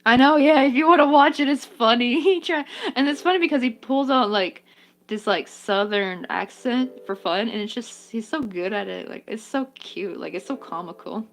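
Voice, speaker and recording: Her voice on the high side and her speed normal, a woman crochets on her vlog while chatting and giggling. She's talkative, addressing her work as well as her chat.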